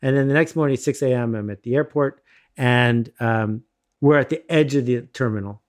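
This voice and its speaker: A middle-aged man from the United States telling a self-deprecating personal story in a casual, animated way, laughing often. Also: medium pitch, brisk. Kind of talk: casual anecdote, conversational storytelling.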